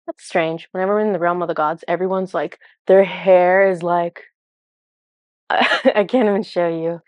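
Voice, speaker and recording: A woman with a fairly low voice tells of a spiritual vision in an earnest, emotional way. She speaks casually and often stumbles and restarts her words. Her voice sounds close and dry, with no room echo. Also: steady tone, moderate pace. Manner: earnest, emotional storytelling with many fillers and restarts. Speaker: spiritual channeler. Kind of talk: recounting a channeled vision.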